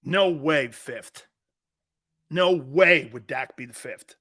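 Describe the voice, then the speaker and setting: A man's voice: on the high side, slow, bright, forceful tone. A middle-aged man hosting a sports talk radio show, brash and mocking, talking back to his listeners. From United States.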